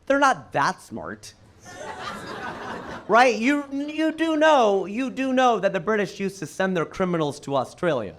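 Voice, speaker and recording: Male stand-up, high-pitched, very lively delivery, incredulous punchlines. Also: unhurried, a little hiss or hum. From United States. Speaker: stand-up comedian. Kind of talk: stand-up comedy set.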